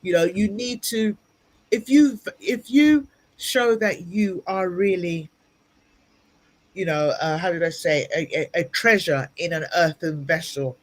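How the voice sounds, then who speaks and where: A woman's voice: fairly low pitch, unhurried. A woman speaks as an interview guest and gives earnest, motivational advice. She repeats her key points for emphasis. The sound comes through a video-call microphone. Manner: earnest, advising, repetitive for emphasis. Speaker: guest speaker and ministry leader.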